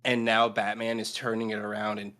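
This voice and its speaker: A man's voice: on the low side, completely flat delivery, fairly quick, pushed and bright. A man playing in a casual tabletop game, describing his character in a thoughtful, meandering way. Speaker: player.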